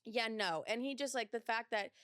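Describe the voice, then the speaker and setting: A woman's voice: fairly high pitch, moderate pace, fairly bright tone, clean tone, no room sound, studio quality. A young woman hosting a casual advice podcast, blunt and swearing freely, with many filler words. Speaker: podcast host.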